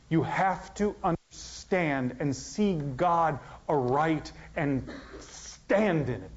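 A male pastor preaching a sermon, swinging from loud emphasis down to near-whispers. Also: on the high side, animated, slow pace. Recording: dull, lo-fi sound.

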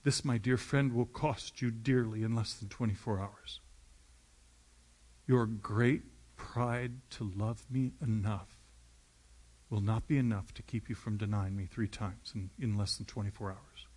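A man voicing Jesus as a gentle, loving grown man who speaks tenderly and pleads softly. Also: lowish voice, steady tone, measured pace. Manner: tender, pleading, dropping to a whisper.

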